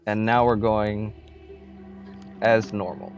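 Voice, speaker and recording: A man's voice: fairly low pitch, slow, faint music behind. A man leads a tabletop role-playing session over voice chat, narrating what the characters do and patiently walking his players through the rules. His headset mic gives the voice a dull, slightly muffled lo-fi quality. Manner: relaxed, explains rules with many fillers. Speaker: game master. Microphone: headset microphone.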